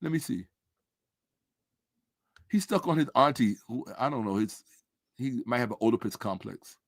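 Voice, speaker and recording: A man's voice: medium pitch, animated, moderate pace, no echo, clean studio sound. A man in a combative commentary monologue, sarcastic and repeating his points for emphasis, dropping to a mutter while he checks his screen.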